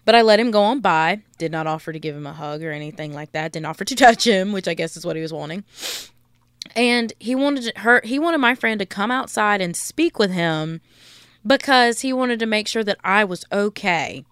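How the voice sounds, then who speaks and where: A young woman hosting a podcast, telling a story in a blunt, profane, animated rant. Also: medium pitch, normal speed, clean tone, no room sound, clean studio sound. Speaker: podcast host.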